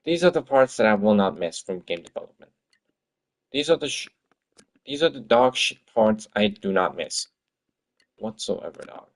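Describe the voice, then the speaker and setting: Gravelly, exasperated man ranting while working. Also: on the low side, expressive, normal speed, pauses often. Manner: exasperated, swearing, talking to himself. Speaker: game developer streaming his work. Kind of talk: livestream commentary while working.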